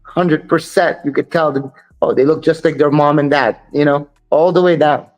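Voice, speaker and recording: A man's voice: fairly high pitch, fairly even intonation, normal speed. Guest interviewee: blunt male dog breeder, dismissive of critics, light music underneath. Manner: blunt, dismissive of critics, quotes others in dialogue. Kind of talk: storytelling interview.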